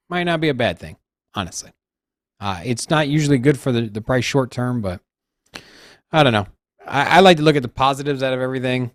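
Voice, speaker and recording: A man co-hosting a casual crypto show who gives measured market opinions and thinks aloud. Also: fairly high pitch, dry recording, studio quality. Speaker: co-host of crypto news show.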